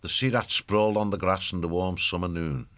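A man giving steady scripted narration of a story. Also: sits low, a little fast, no echo.

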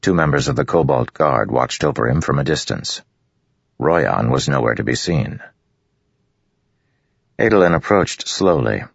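Male audiobook narrator with a gravelly bass voice and a dry, dull sound; reads steadily. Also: unhurried, long pauses, no echo. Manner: steady, even storytelling. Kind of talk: scripted fantasy narration.

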